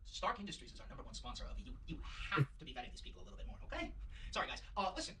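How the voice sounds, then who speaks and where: Man, comedy host, profane rant, lively swings in pitch, quick pace. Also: distant mic, rough recording. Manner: profane, mocking, emphatic.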